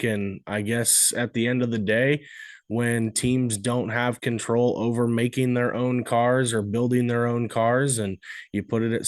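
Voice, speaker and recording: Man, podcast co-host, halting and blunt, dry close sound, mid-pitched. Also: dry recording. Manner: halting, many fillers, measured and blunt. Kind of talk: casual sports podcast chat.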